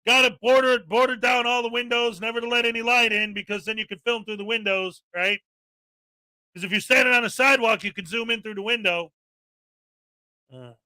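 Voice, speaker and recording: Sarcastic high-voiced ranting man. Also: fairly even intonation, fairly quick, sharp tone, no echo. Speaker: live-stream commentary host. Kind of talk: daily live-stream rant.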